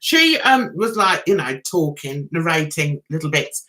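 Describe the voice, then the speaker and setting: A woman's voice: sits low, sing-song, a little slow, pushed and bright. A woman with a London accent hosting a casual livestream, rambling and chatty with viewers, laughing and singing snatches of songs. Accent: London English. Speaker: livestream host.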